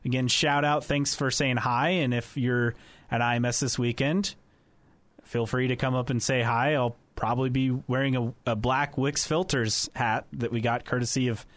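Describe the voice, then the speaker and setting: A man co-hosting a podcast in casual chat, relaxed and chatty. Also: medium pitch, normal speed, no room sound. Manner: relaxed, chatty, laughs often. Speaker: podcast co-host.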